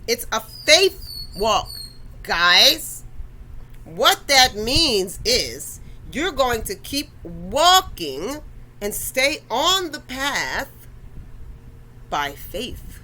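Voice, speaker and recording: A woman's voice: a little high, sing-song, extremely slow, bright, forceful tone, rough recording. A woman hosting a faith talk, addressing listeners directly in a conversational, preachy way. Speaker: podcast host.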